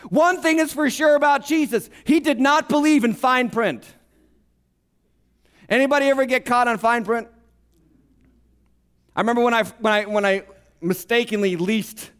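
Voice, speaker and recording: A pastor preaching a sermon in an animated, humorous way, acting out quotes. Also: male voice, sits high.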